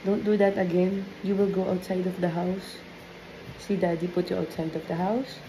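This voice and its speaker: A woman's voice: on the low side, little pitch movement, normal speed, background noise. A woman in her thirties with a Filipino accent, chatting casually as a mother in a family vlog, coaxing and motherly. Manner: coaxing, motherly, mixes Tagalog into English. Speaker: mother and vlogger. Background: music.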